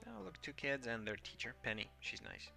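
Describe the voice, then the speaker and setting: A man's voice: medium pitch, sing-song, brisk, gravelly, bright, forceful tone, soft background music. A man giving casual game commentary in a rambling, hesitant and playful way, with a habit of saying "like". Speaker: gameplay host.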